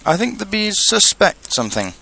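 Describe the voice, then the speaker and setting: A man's voice: high voice, very animated, moderate pace, vocal fry, bright, forceful tone, slightly rough, voice pushed up, full character voice. A man voicing an earnest, anxious little bear in a storybook reading, musing and solemn.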